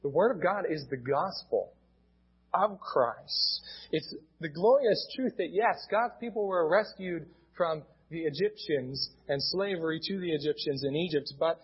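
A man's voice: fairly high pitch, expressive, unhurried, breathy edge, dull audio. A male pastor with an American accent, preaching a sermon in a plain teaching tone and often restarting his words.

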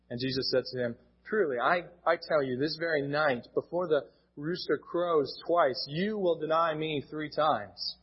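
A man's voice: on the high side, moderate pace, husky, lo-fi sound. A male pastor with an American accent, preaching a sermon in a plain teaching tone and often restarting his words.

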